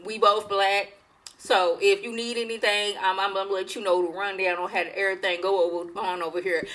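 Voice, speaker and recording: A woman's voice: medium pitch, level tone, fairly quick, fairly bright tone, close to an everyday voice, poor audio. A woman voicing a worldly noblewoman who speaks frankly and confidingly. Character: worldly older noblewoman, candid and protective.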